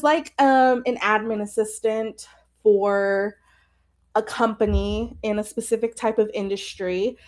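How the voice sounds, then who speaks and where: A woman's voice: medium pitch, darkish tone. A young adult woman hosting a podcast, telling a personal story in a rambling, emotional way with many fillers. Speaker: podcast host.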